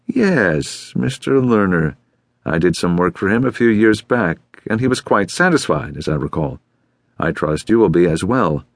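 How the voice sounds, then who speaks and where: A man playing a calm, courteous detective. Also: low-pitched, no echo. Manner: polite and measured. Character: calm, courteous middle-aged male detective. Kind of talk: audiobook character voice.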